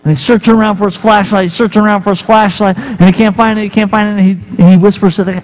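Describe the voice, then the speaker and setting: A man's voice: sits high, very fast, hardly any pauses, rough recording. A male pastor preaching a sermon, telling a story and acting out the characters' lines.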